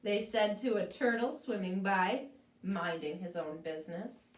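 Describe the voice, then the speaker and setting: A woman librarian reading a story aloud to children in a playful, expressive way. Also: mid-range voice, a little slow. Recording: echoey room, mic at a distance.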